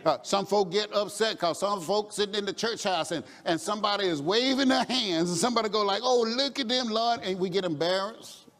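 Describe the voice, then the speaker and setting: A man preaching a sermon in call-and-response style, now and then shouting or chanting his refrains. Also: sits high, a little fast, hardly any pauses, in a large hall.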